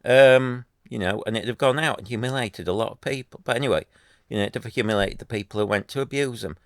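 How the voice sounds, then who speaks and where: A man's voice: medium pitch, fast, dry recording, studio quality. A man, talking to camera in an earnest, rambling way, full of restarts and fillers. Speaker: YouTuber. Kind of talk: casual commentary to camera.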